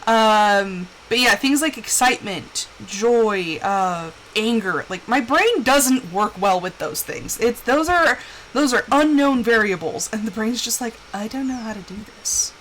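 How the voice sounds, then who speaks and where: A young woman talks candidly to her viewers while she plays a game live. Her voice sits a little high. A faint hum of background noise runs under her voice. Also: lively intonation, unhurried, a bit bright, rough recording. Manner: chatty and candid, acts out quoted voices. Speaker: streamer. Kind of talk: casual chat while gaming.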